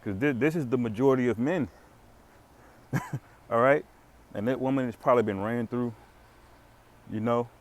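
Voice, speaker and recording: A man's voice: medium pitch, normal speed, long pauses. A man hosting a casual religious commentary video, rambling with many fillers and restarts and chuckling now and then. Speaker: commentary channel host.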